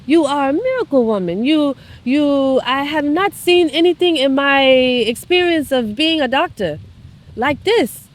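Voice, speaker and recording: A woman voicing an amazed male doctor who delivers good news with emphatic, halting repeats. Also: high-pitched, expressive, pitched above the performer's own voice.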